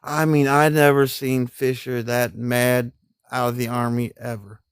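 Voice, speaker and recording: A middle-aged man tells rambling army stories on a live stream, full of cussing and laughter. His voice is gravelly and sits at an ordinary pitch. The sound is dry and close. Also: little pitch movement, a little slow, no room sound. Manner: rambling, profane, laughs often, folksy grammar. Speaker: army veteran telling war stories. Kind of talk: casual storytelling on a live stream.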